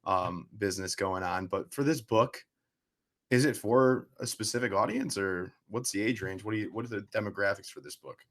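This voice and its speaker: A young man hosting a podcast, asking questions in a relaxed, casual way with frequent filler words. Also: fairly low pitch, moderate pace. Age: young adult. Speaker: podcast host. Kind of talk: casual interview chat.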